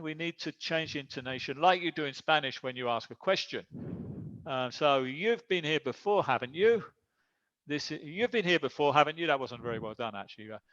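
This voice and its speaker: A man's voice: mid-range voice, a bit bright, no echo. A man giving an online English lesson, explaining grammar patiently step by step. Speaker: English teacher. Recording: dull lo-fi sound.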